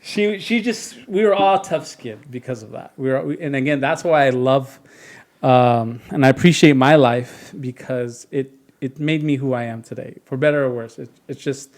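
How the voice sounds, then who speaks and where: A man's voice: medium pitch, moderate pace. A man in his thirties, a podcast guest, telling stories casually with lots of restarts and bursts of laughter. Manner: rambling, many fillers and restarts, laughs through stories. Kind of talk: casual storytelling.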